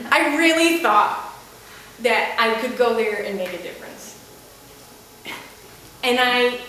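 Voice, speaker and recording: A woman tells a comic story live on stage before an audience, exasperated and self-mocking. Her voice is high and bright. The sound is very echoey and distant, with faint room noise behind her. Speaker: comedic storyteller. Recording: echoey room picked up from afar.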